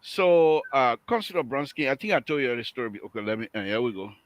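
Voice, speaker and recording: A man hosting a call-in radio show, teasing and animated, laughing often. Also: mid-range voice, fast talker, no echo. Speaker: radio talk show host. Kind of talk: casual call-in radio banter. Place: radio studio.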